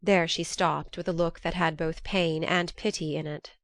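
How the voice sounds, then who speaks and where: A woman narrates a classic novel in a measured, steady way. Her voice is on the low side for a woman. The recording is dry and close, with no room sound. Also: no echo. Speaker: audiobook narrator. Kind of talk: scripted narration.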